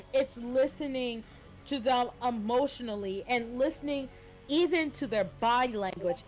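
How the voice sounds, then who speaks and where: A woman co-hosting a casual stream chat, blunt and animated, swearing freely. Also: high-pitched. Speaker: co-host streamer.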